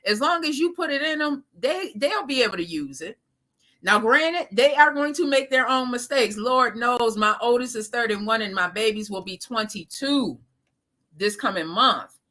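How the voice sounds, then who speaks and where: Bright-voiced woman chatting on a live stream. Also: on the high side, animated, normal speed. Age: 30s. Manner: talks straight to viewers with slang, laughs often. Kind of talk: casual live-stream chat reading viewer comments.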